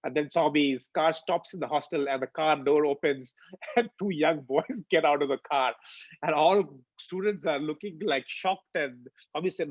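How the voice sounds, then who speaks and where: A man's voice: fairly high pitch, normal speed, no room sound. A man, telling a devotional story with lots of uh and um fillers. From India. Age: 40s. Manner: animated retelling, frequent uh and um fillers. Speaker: devotional speaker. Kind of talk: personal storytelling testimony. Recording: dull lo-fi dry recording.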